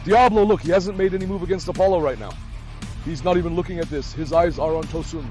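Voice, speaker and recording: Excitable high-voiced man scolding dogs. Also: quick pace, music in the background. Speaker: dog owner and channel host. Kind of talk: casual vlog commentary. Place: outdoor garden with dogs.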